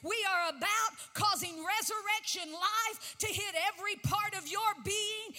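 A woman pastor preaching a fervent sermon, shouting and drawing out key phrases, recorded in a church sanctuary. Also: very high voice, fairly even intonation, normal speed, hardly any pauses. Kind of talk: impassioned sermon. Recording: long church reverb.

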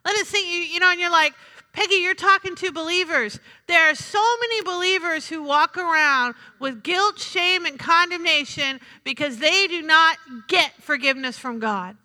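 A woman's voice: very high voice, normal speed, sharp tone. A woman preaching a sermon in a chatty, humorous way, calling out to the congregation for responses. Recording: reverberant hall.

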